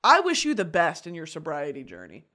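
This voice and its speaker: A woman's voice: deep voice, wildly swooping pitch, a little fast, bright, forceful tone, heavily acted. A woman voicing a fed-up young woman who coldly leaves her partner. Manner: cold, firm.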